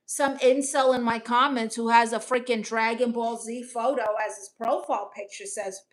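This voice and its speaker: A young woman from Brooklyn reading out her chat on a casual livestream, dry, deadpan and sarcastic. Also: on the high side, a little slow, few pauses. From Brooklyn, New York. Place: home in Los Angeles.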